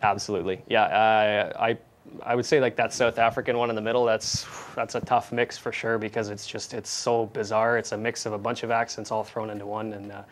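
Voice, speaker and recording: A man talking fast and loosely over a remote link, laughing easily and peppering his answers with "uh" and "you know". A faint hum sits under his voice. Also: lowish voice, little pitch movement. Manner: laid-back, giggly, lots of "uh" and "you know". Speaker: interview guest, airline pilot. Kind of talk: casual remote interview. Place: remote interview link from another city.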